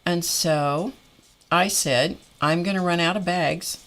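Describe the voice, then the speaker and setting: Middle-aged female host, low-pitched, unhurried, exasperated storytelling chat. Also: a bit bright. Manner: wry, exasperated, laughs often. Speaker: host of a live art stream.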